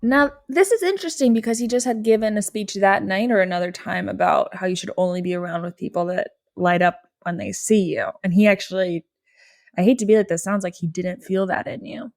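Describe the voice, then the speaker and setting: A woman's voice: medium pitch, a little fast, gravelly. A woman co-hosting a comedy podcast, asking teasing, probing questions. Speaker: podcast co-host. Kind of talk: casual chat.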